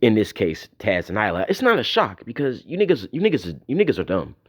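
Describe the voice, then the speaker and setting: A man's voice: fairly low pitch, huge pitch swings, brisk. A man delivering a profane, mocking tirade in a commentary video. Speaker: YouTube commentator.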